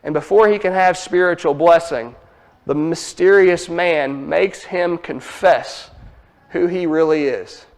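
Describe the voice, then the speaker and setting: A man with an Ozarks accent preaching a sermon, teaching emphatically with lively asides. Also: on the high side, measured pace.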